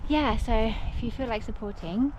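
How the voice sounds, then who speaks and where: A woman's voice: fairly high pitch, moderate pace, highs cut off. A woman vlogging casually while hiking alone outdoors, chatty and laughing often. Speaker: solo hiker vlogging. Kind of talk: casual spoken vlog on the trail. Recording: outdoor recording with clear wind and ambient noise.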